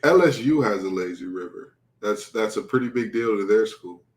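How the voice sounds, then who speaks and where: A man's voice: lowish voice, expressive, moderate pace, echoey room. A man co-hosting a sports podcast, ranting sarcastically and with animation. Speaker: podcast co-host. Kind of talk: heated sports talk.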